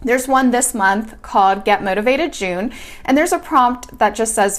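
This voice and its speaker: A woman's voice: fairly high pitch, unhurried. Chatty woman teaching hand lettering. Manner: friendly, chatty, demonstrating while she sketches. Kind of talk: casual hands-on tutorial.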